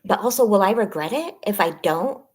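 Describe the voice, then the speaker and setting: A woman in her thirties on a personal live stream, talking haltingly and shakily as she holds back tears. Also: mid-range voice, lively intonation, breathy edge. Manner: shaky, halting, close to tears. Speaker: vlogger on a members-only live stream.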